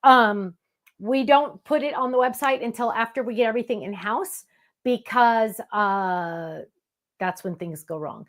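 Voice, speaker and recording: Bubbly, gushing woman with a higher voice. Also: measured pace. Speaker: craft show host. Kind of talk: casual livestream chat.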